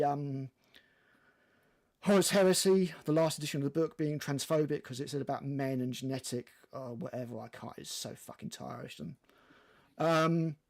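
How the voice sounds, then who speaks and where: A gravelly older man co-hosting a podcast, his voice sitting a little high for a man. He rants freely, swears often and fills gaps with ums and uhs. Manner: ranting and profane, many fillers. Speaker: podcast co-host. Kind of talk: casual chat.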